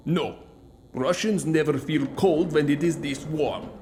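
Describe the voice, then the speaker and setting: An actor playing a surly Russian prison guard in a video game, talking in a blunt, dismissive way. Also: male voice, on the high side, measured pace, dark tone, slight background noise, lightly acted. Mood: gruff, dismissive.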